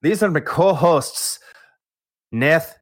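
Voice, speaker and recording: A man's voice: fairly high pitch, lively intonation, slow pace, voice pushed up. A man voicing a cheery male intro persona in a put-on Irish-sounding accent, sing-song and drawn out. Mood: jolly. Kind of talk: podcast intro.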